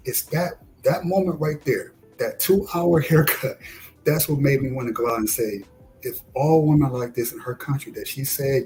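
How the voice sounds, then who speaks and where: Animated man telling a story. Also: low-quality recording. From Detroit, USA. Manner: animated, acts out quotes with rising pitch. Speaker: discussion guest. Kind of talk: casual storytelling chat.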